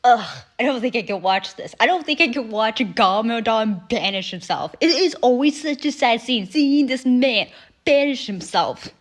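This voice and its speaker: A woman's voice: a little high, expressive. Chatty woman reacting to a cartoon. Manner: chatty, swears freely, quotes characters in quick put-on asides. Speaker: reaction video host. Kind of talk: casual reaction commentary.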